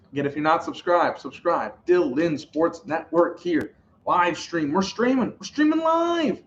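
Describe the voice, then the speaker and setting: A man talks through a football game on his live stream, his pitch sitting a little high and swinging widely as he gets excited. He rambles casually between plays. The sound is roomy and slightly muffled, with a faint hum of room ambience behind him. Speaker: sports live-stream host.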